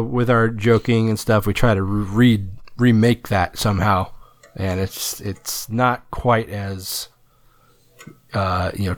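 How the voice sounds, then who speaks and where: A man, a parent, co-hosting a podcast in casual chat, rambling and swearing freely. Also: on the low side. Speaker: podcast co-host.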